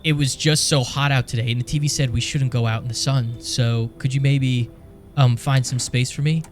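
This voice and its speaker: A man's voice: mid-range voice, steady tone, moderate pace, soft background music, natural voice. A man voicing a nervous stranger in a horror game who frets about surviving. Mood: anxious. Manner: anxious, fretful. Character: nervous man fleeing the deadly heat.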